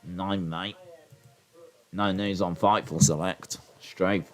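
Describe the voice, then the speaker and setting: A man's voice: deep voice, steady tone, slow. A man hosting a live wrestling watch-along, chatting and answering his viewers in rambling asides. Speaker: livestream host.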